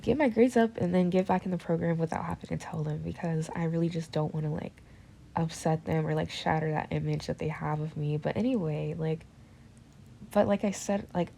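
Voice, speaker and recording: A woman's voice: on the low side, vocal fry, mellow, a little hiss or hum. A young woman, a student, talking in a casual confessional chat, rambling and nervous, full of fillers, slang and swearing. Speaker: student vlogger.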